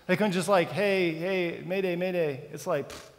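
In a church sanctuary, a pastor with a high voice preaches at a moderate pace, dramatic and constantly posing questions to the congregation. Church hall reverb colors the recording.

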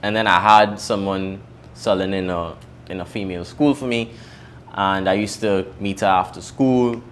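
A young Trinidadian man speaks in a somewhat low voice. He tells his own story to camera in a candid, emotional way, rising to lively bursts and then dropping to a hush. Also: normal speed, a little hiss or hum. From Trinidad and Tobago. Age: young adult. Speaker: entrepreneur telling his story.

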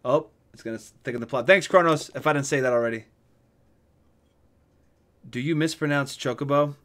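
Excitable joking streamer guy. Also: medium pitch, a little fast. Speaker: streamer playing a game. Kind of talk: casual let's-play commentary.

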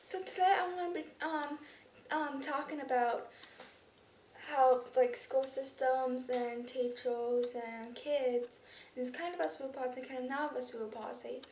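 Young woman, high voice, rambling vlog, slightly unclear speech, distant from the mic with faint noise. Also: fairly even intonation, normal speed, darkish tone. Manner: rambling, frequent ums and restarts. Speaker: vlogger. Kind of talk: casual vlog to camera. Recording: roomy echo, somewhat far from the mic, faint background noise.

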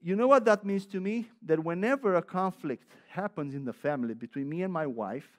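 High-voiced man preaching with emphasis. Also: expressive, fairly quick. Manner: emphatic and repetitive, with frequent restarts; conversational, personal asides with light laughter. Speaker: pastor. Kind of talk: sermon.

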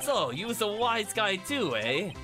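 A man voicing a loud, gruff biker thug with a put-on Brooklyn accent, drawn out and growling, over game music. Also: sits high, big pitch swings, measured pace, voice pushed up. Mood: swaggering. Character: loud gruff male biker thug, tough street talk.

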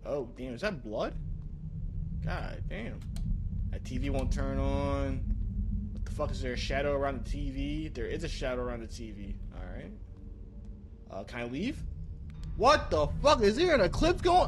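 Young man, somewhat high voice, horror game commentary, panicky yelling, lots of swearing. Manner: loud, excitable, swears often, jumps to panicked yelling. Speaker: gaming streamer.

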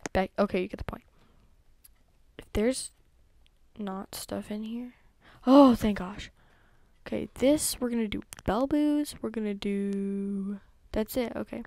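A woman's voice: medium pitch, a little slow, warm tone. A young woman giving chatty gameplay commentary, talking to herself and to her horses with many ums and whispered asides. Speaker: gaming YouTuber.

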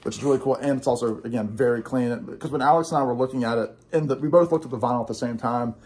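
A man's voice: medium pitch, quick pace, a little mellow. A young man chatting casually and rambling enthusiastically, with lots of fillers, about records he bought. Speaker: guest record collector.

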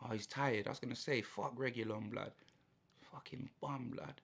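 A man's voice: medium pitch, moderate pace, creaky, husky. A young man streaming a football video game, ranting in frustration with slang and swearing. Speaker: gaming streamer. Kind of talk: live gameplay reaction.

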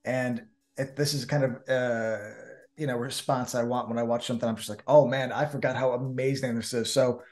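A man with a New Jersey accent, co-hosting a casual podcast chat in an animated, chatty way with frequent restarts. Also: medium pitch, moderate pace. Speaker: co-host.

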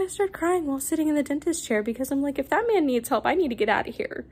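Chatty young woman, rather high voice. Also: lively intonation, fast talker, darkish tone. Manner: rambling, nervous, many fillers and restarts. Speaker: vlogger. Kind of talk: casual storytelling vlog.

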